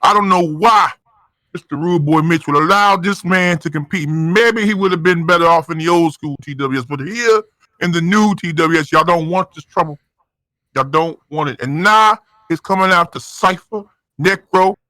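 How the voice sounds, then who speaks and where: A man doing over-the-top comedic wrestling commentary, dramatic and excitable. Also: on the high side, moderate pace, no room sound.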